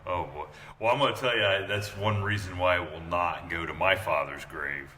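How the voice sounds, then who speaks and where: A man's voice: sits low, moderate pace, sharp tone, slight background noise. A male host in casual conversation, reacting and joking.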